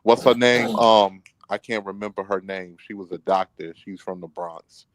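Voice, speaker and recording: Casting note: low-pitched man, relaxed slangy co-host, dry close sound. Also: normal speed, no echo, rough recording. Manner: laid-back slangy storytelling. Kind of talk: casual chat.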